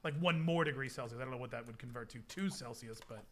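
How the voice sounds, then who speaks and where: A man's voice: medium pitch, fast, fairly bright tone, slight background noise. A young man chatting casually with his stream chat, rambling with lots of fillers. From United States.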